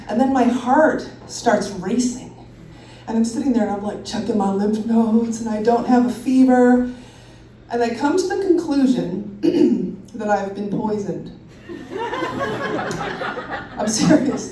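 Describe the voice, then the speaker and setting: A woman in her thirties telling a personal story live on stage, animated and self-mocking, laughing often. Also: on the high side, slight background noise. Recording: roomy hall from a distance.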